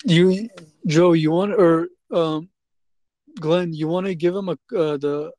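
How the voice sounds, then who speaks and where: A man's voice: a little high, fairly even intonation, takes it slowly, warm tone, dry recording. Guy grilling someone w pointed questions, dry sound. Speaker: confronting interviewer. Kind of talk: confrontational questioning.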